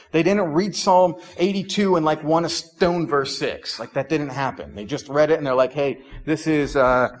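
A young adult man preaching a sermon as pastor in a conversational way, with frequent "like"s and restarts. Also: on the high side.

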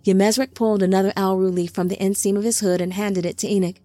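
A woman narrating an audiobook in an even, clear reading. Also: mid-range voice, fast talker, dry recording, soft background music.

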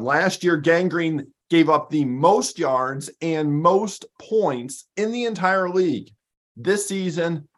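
Brief: male sports co-host, upbeat and stat-heavy, slightly higher voice. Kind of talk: casual sports talk.

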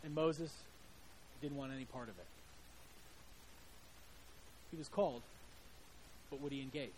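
A man's voice: medium pitch, a little slow, a little mellow, a little hiss or hum, poor audio. A male preacher giving a sermon in a conversational storytelling way, with frequent restarts.

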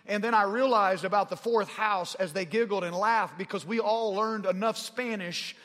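A man's voice: moderate pace, fairly bright tone. A man in his forties from Arkansas with a Southern drawl, telling a story in a sermon and growing fervent as he goes. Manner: rising in pitch and volume as he gets fervent. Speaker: pastor. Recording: long hall reverb.

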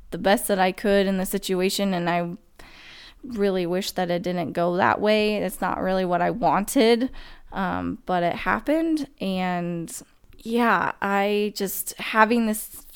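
A young woman telling a personal story to her viewers, emotional and halting, with many restarts and fillers. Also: mid-range voice, clean tone.

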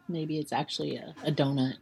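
Husky-voiced woman telling a story. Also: low-pitched, darkish tone. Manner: chatty, laughs often, reads quotes aloud. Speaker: podcast co-host. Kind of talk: casual storytelling chat.

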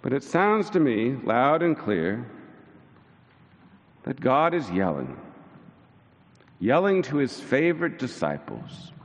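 Animated preacher man in a reverberant hall. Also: slow pace, pauses often. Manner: animated storytelling, mimicking disciples in high voices. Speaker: pastor. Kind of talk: sermon.

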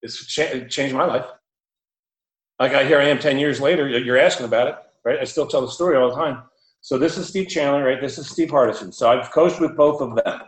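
A man tells a story in a casual, animated way, laughing now and then and leaning on fillers. His voice sits at a middle pitch. A roomy echo surrounds him. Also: fairly quick.

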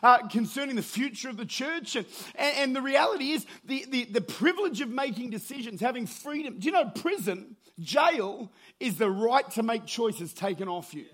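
A man preaching from the pulpit, his voice set high for a man. He tells stories with energy, rises into shouted calls, then sinks low and hushed. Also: animated, normal speed, hardly any pauses. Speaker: pastor. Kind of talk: sermon.

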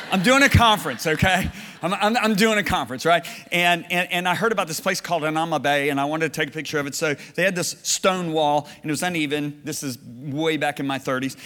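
A middle-aged man preaching a sermon before a congregation, telling stories and acting out his own quoted words with laughs. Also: fairly high pitch. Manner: storytelling, animated, with laughs and acted-out quotes. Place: church or conference hall. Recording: reverberant hall.

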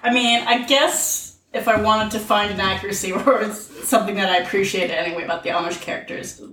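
A woman's voice: medium pitch, fairly even intonation, brisk, pushed and bright, roomy sound, recorded from a distance, slight background noise, poor audio. A woman co-hosting a casual podcast chat, retelling movie scenes with quoted lines. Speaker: podcast co-host.

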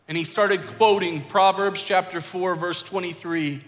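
A middle-aged pastor in a church sanctuary preaches a sermon that includes a family story, speaking earnestly and building toward emphatic exhortation. His voice is high-pitched, a bit slow, with few pauses, and the recording has church-hall reverb with faint music behind it.

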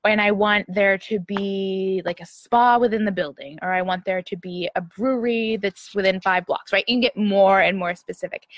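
A young woman talks casually to her viewers, easygoing and full of fillers, often checking in with "right?". Her voice sits in a middle pitch range. The sound is close and dry, with no room echo. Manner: chatty, filler-heavy, often asks "right?". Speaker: livestream host answering viewers. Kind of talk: casual motivational chat.

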